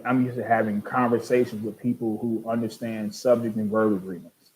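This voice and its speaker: An older man hosting a show, reading online comments aloud and answering them with exasperated sarcasm. He keeps repeating words in quick restarts. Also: fairly low pitch, little pitch movement, a little mellow, poor audio. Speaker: host.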